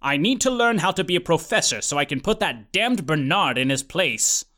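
A man's voice: on the high side, animated, normal speed, bright, forceful tone. A man voicing a clueless, easygoing would-be professor who talks in an offhand, rambling way. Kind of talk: audiobook character voice.

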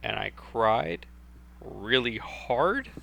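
A young man from Texas telling a story in casual chat, animated and swearing freely. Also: mid-range voice, extremely slow, vocal fry. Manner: animated, swearing, acts out voices in his story. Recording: faint background hum.

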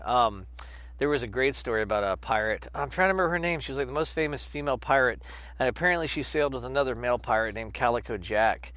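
A man's voice: medium pitch, animated, fast talker, a bit bright, no echo. A man co-hosting a casual podcast chat, telling rambling, profane stories and slipping into silly voices. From New York. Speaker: podcast co-host.

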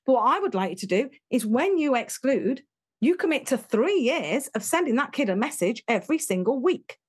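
A British woman talking in an interview, telling stories in an animated, emphatic way and acting out what people said. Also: high voice, normal speed, slightly rough. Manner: animated, emphatic storyteller who acts out quotes. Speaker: interview guest, education speaker. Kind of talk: conversational interview.

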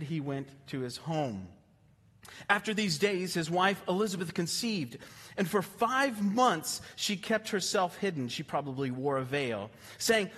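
A male pastor preaching, reading scripture and then explaining it with animated emphasis. His voice sits high and often stumbles into repeated words. The sound carries the long reverb of a large hall.

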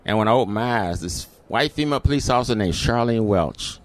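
A man's voice: on the low side, animated, a little fast. A middle-aged man, telling a personal story as an interview guest and acting out the voices in it.

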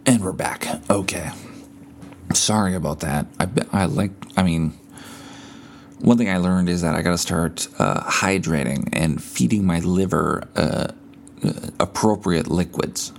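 Gravelly, low-voiced podcast host. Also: male voice, darkish tone, a little hiss or hum. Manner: laid-back, profane, rambling with many fillers. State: bedridden, buzzed on painkillers. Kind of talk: casual solo podcast storytelling. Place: at home.

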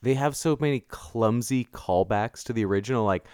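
A man's voice: mid-range voice, a little fast, darkish tone, smooth, no echo, clean studio sound. A man in casual movie-review chat, sarcastic and laughing often as he mocks the characters.

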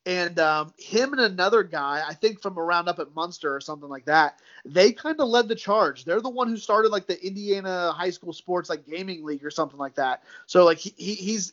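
A man's voice: sits high, fairly quick, few pauses, fairly bright tone. A man talking casually as a guest, easygoing and given to repeating words, calling the host dude and man. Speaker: sports podcaster guest. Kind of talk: casual chat. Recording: slightly dull lo-fi sound.

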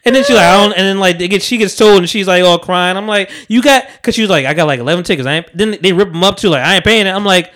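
Casual podcast host, male, animated storyteller, voice a bit on the high side. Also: racing, hardly any pauses. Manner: animated storyteller, acts out quotes. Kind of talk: casual chat.

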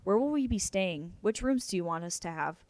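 A woman's voice: medium pitch, expressive, brisk, a little mellow, dry recording, lightly acted. A woman reading the part of a shy, sulky young girl who speaks politely.

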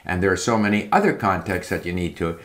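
Man, lowish voice, unscripted advice monologue, chatty and meandering with lots of fillers. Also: quick pace. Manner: rambling, conversational, with frequent fillers and restarts. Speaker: language learning talker. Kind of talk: casual spoken advice monologue. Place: home in Palm Springs.

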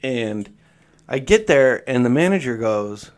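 A man's voice: mid-range voice, animated, moderate pace. Laid-back man in casual chat. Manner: laid-back, filler-heavy.

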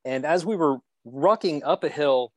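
A man's voice: fairly high pitch, moderate pace, no echo. Dry-voiced man telling a story. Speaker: podcast co-host. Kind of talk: casual podcast storytelling.

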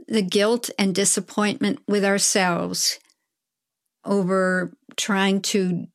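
A middle-aged woman therapist giving gentle, measured, reassuring advice on a podcast. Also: medium pitch, dry recording, clean studio sound.

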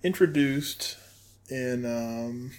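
A man co-hosting a podcast, unhurried and hesitant with frequent ums as he introduces topics. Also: medium pitch, a little mellow. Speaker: podcast co-host. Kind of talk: casual fan discussion.

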